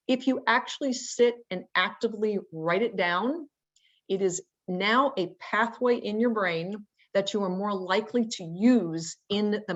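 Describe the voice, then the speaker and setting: Woman coaching in a webinar, muffled audio. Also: medium pitch. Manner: conversational, many fillers and rhetorical questions. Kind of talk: instructional webinar talk. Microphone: remote webinar audio.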